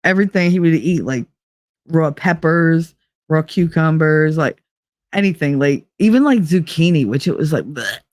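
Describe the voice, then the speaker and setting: A woman's voice: low voice, animated, moderate pace, a little mellow, no room sound. A woman hosting a podcast, telling a story in casual chat, rambling and full of fillers. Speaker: podcast host.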